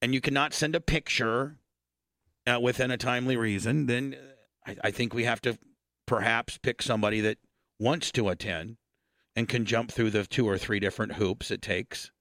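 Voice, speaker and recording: A man's voice: medium pitch, fairly even intonation, normal speed, a bit bright, dry recording, clean studio sound. A man hosting a casual podcast chat, talking bluntly with swearing and rambling restarts. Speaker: podcast host.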